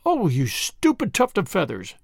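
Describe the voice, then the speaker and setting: A man's voice: high-pitched, wildly swooping pitch, normal speed, creaky, dry recording, studio quality, exaggerated voice. A man doing a fierce, impatient little mongoose. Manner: curt, impatient, commanding. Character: brave young male mongoose, fierce and quick.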